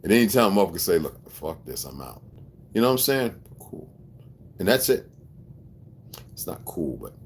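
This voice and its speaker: A man with a very deep, low-pitched voice speaks straight to his audience in a rambling personal monologue. He swears freely and presses his points hard, with a conspiratorial edge. He keeps checking in with his listeners to ask whether they follow him. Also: slight background noise. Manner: profane, emphatic, conspiratorial rant. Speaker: video blogger.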